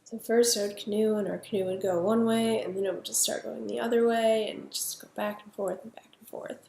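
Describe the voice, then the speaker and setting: Mother telling a personal story, gravelly. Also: mid-range voice, fairly even intonation, mellow. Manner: halting, reflective storytelling with many restarts. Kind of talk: personal narrative. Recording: echoey room with faint ambient noise.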